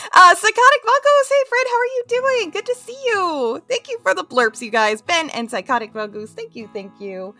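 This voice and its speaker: A woman's voice: extremely high pitch, animated, measured pace, pushed and bright, no room sound. A woman hosting a casual crochet live stream, bubbly and giggly, greeting her chat one by one.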